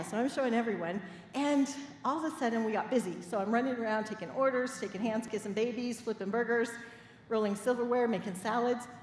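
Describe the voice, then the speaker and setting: A middle-aged woman minister with a fairly high voice preaches to her congregation, weaving in personal stories and laughing along as she goes. Her voice echoes around a church sanctuary with a long reverb tail. A faint room hum sits underneath. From Midwest United States. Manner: lively, playful storyteller who laughs with the congregation. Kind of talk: sermon with personal storytelling.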